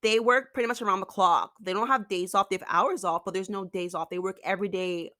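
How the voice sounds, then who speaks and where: A woman's voice: mid-range voice, fairly even intonation, fairly quick, pushed and bright. A woman telling a storytime vlog, exasperated, acting out the dialogue as she retells it. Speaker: vlogger.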